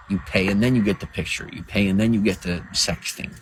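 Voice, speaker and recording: A man's voice: fairly low pitch, fairly even intonation, brisk, few pauses, slight background noise, low-quality recording. A man livestreaming to viewers in casual talk, crude, boastful and rambling. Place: outdoors by a road.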